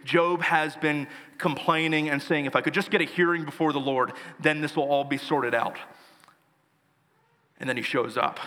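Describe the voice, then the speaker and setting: A man's voice: on the high side, sharp tone, big-room sound. A male pastor preaching a sermon, earnest and emphatic, building his points through lists.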